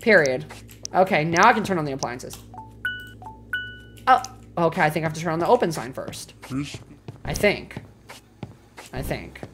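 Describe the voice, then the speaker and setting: A woman streamer giving live gameplay commentary, profane and excitable, ranting loudly and then muttering to herself. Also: on the low side.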